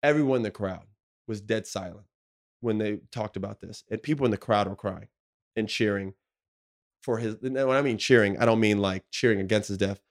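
A man's voice: on the low side, brisk. A man in his thirties, a podcast co-host, telling an emotional story in slangy, profane casual talk full of "like" and "bro". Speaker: podcast co-host, former pro basketball player.

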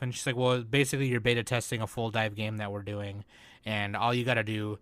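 A man co-hosting a casual anime review chat, excitable and swearing often as he mocks shows. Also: fairly low pitch, a little fast, smooth, dry recording. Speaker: podcast co-host.

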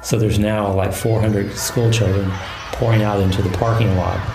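Low gravelly priest in an echoey room. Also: male voice, over music. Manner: calm, measured storytelling. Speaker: Catholic priest and exorcist. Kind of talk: recounting a case in an interview.

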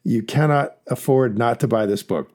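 Animated, rambling male podcast co-host. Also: mid-range voice, moderate pace. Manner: animated, rambling with restarts and fillers. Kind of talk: casual investing chat.

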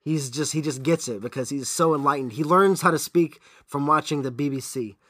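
A man's voice: fairly high pitch, fairly quick, fairly bright tone, dry recording. A man co-hosting a podcast in casual chat, sarcastic and teasing, swearing freely, with a stuffy nose. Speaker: podcast co-host.

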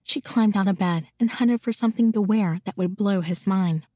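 A woman reading a romance novel aloud in an even, intimate storytelling voice. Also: medium pitch, moderate pace, dry recording, studio quality. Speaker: audiobook narrator. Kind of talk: scripted narration of a romance novel.

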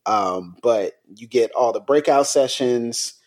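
A man co-hosting a podcast in a casual, conversational way, his voice sitting at an ordinary middle pitch. He speaks with raw emotion and frustration, and his sentences stop, restart and trail off as he searches for words. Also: slow, darkish tone. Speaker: podcast co-host.

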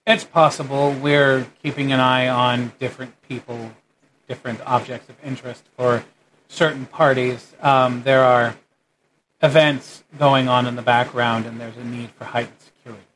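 A man voicing a calm, guarded male guard who speaks in a low, quiet, measured way. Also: slight background noise, close to an everyday voice, rough recording.

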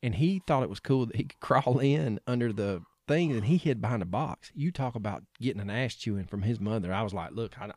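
A man's voice: medium pitch, animated, a little fast, few pauses, darkish tone, dry recording. A man co-hosting a podcast in casual chat, a joking storyteller with folksy slang. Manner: chatty storyteller, joking, Southern-flavored slang. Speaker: podcast co-host.

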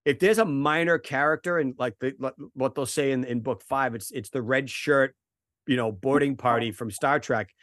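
A man's voice: mid-range voice, moderate pace, a bit bright, dry recording, clean studio sound. A man with a Boston accent hosting a casual book chat over an online call, chatty and profane. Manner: chatty, profane, repeats words.

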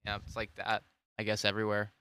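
A man co-hosting a podcast, with a bright, clear, smooth voice that sits fairly low. He is laid-back, gives short replies, and now and then stumbles over his words. The recording is dry and close. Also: monotone, fast talker, no echo. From United States. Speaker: podcast co-host. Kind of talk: casual chat.

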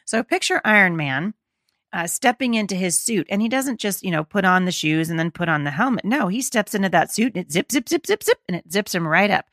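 A middle-aged woman hosting a faith-based podcast, slightly hoarse and gravelly, talking in an earnest, encouraging, conversational way. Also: mid-range voice, expressive, fairly quick, fairly bright tone, dry recording, studio quality. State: slightly hoarse, losing her voice. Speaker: podcast host.

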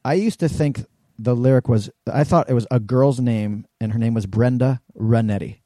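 A man's voice: medium pitch, moderate pace, dark tone, dry recording. A man, co-hosting a podcast and arguing his points in casual, opinionated banter. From New York. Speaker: podcast co-host. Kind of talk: casual chat.

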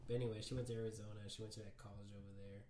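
A man's voice: lowish voice, little pitch movement, racing, reverberant, noisy background. A man with a Texan accent, co-hosting a casual podcast chat and telling stories in a laid-back, swearing way. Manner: laid-back storytelling, swears and laughs a lot.

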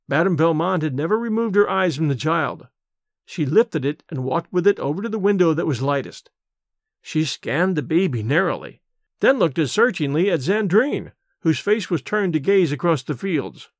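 A male audiobook narrator reads a literary tale with animated, lively melody, his voice sitting a little high for a man. He leans into descriptive passages, slowing to savor them. The sound is close and dry. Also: dry recording. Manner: expressive storytelling, slows on imagery.

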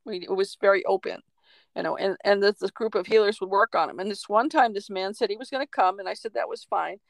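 Woman podcast host, animated storyteller, mid pitch, dry close mic. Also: fast talker, creaky, no room sound, rough recording. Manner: animated storyteller, laughs, acts out quotes. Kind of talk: casual storytelling chat.

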